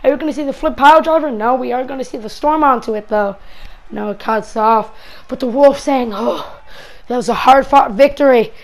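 A high-pitched woman calls a wrestling match in a game move by move. She is excitable and breaks into shouts whenever a big move lands. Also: a little fast, poor audio. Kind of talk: play-by-play commentary.

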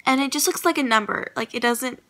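High-voiced gushing young woman vlogger. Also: a little fast, fairly bright tone, poor audio. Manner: breathless, gushing, lots of "like" and "oh my god". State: congested, sick. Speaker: YouTuber. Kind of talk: emotional thank-you vlog. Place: at home at a computer.

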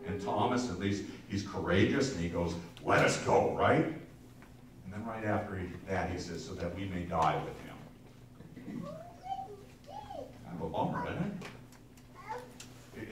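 A man's voice: lowish voice, recorded from a distance. Man preaching in an echoey church. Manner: conversational preaching with asides to the congregation; frequent repeated words and restarts. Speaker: pastor. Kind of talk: sermon. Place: church sanctuary.

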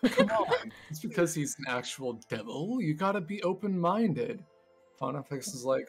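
A man's voice: a little high, huge pitch swings, moderate pace, creaky, breathy edge, soft background music. Rambling man recapping a game session. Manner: rambling, self-deprecating, laughs through his lines. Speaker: player giving the session recap. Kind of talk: casual recap of a tabletop game.

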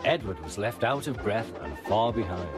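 Expressive male narrator with a low voice, lively storytelling over music. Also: moderate pace.

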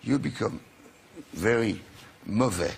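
A man's voice: fairly low pitch, animated, takes it slowly, creaky, slight background noise. A man in his seventies with a French accent, a chat show guest who halts as he searches for English words. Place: television studio.

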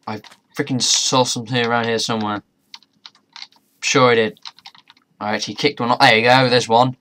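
A man's voice: medium pitch, steady tone, unhurried, pauses often, pushed and bright, a little hiss or hum. A young man commentating as he plays a modded game, chatty and muttering to himself, with mild swearing along the way. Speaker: gamer. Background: faint keyboard and mouse clicks.

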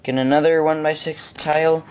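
A man giving step-by-step building instructions at home, halting with frequent ums. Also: fairly high pitch, flat delivery, darkish tone, slight background noise. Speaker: hobby video maker.

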